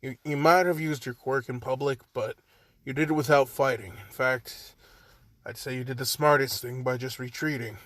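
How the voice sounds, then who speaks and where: A man's voice: mid-range voice, steady tone, normal speed, a bit bright, no room sound, natural voice. A man doing a weary, blunt, swearing teacher. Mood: exasperated. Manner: blunt, profane, exasperated.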